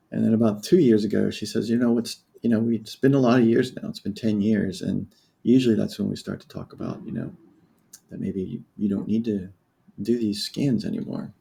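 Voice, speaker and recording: A man from the United States in his fifties, speaking as a podcast guest. His voice is gravelly and dark-toned. He tells his story candidly and reflectively, often breaking off and restarting his sentences. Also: lowish voice, normal speed. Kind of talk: personal storytelling in a podcast interview.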